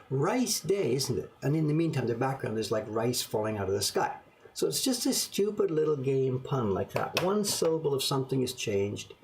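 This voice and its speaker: A man's voice: mid-range voice, creaky, a little mellow, breathy edge. A man casually showing his collection of small prints to the camera, rambling and musing aloud in a self-deprecating way. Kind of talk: casual show-and-tell to camera.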